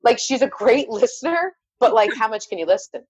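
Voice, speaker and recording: A woman's voice: on the high side, animated, brisk, slightly rough, no echo, rough recording. A woman in her thirties, a mother of three boys, chatting casually and telling rambling, self-deprecating stories. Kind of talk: casual chat.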